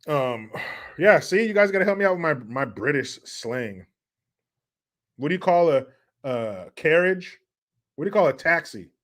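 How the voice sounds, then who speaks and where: A man's voice: fairly high pitch, very animated, unhurried, long pauses. A man from the United States chatting casually as a live streamer, rambling and joking, swearing freely. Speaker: live streamer reading donations. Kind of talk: casual chat.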